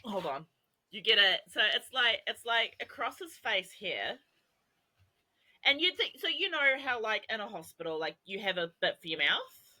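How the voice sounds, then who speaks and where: A woman's voice: mid-range voice, big pitch swings, normal speed, pushed and bright, poor audio. A young adult woman co-hosting a podcast, telling a long rambling story with swearing and laughter. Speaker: podcast co-host. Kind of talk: casual chat.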